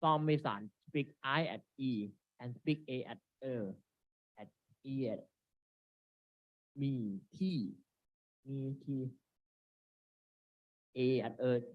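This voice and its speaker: Halting man presenting a seminar. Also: medium pitch, no echo. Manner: halting, reads from slides with frequent restarts. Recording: dry, dull lo-fi recording.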